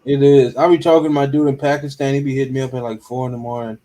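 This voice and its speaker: A man's voice: medium pitch, flat delivery, racing, dark tone. A man on a casual late-night livestream chat, talking loosely, swearing, and laughing often.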